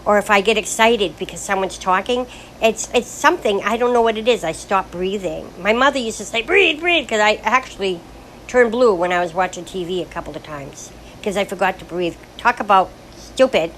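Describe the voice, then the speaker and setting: A woman's voice: medium pitch, brisk, slight background noise, rough recording. Older woman, frank and rambling. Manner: rambling, frank, with many restarts. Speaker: grandmother sharing life stories. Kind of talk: casual reflective monologue.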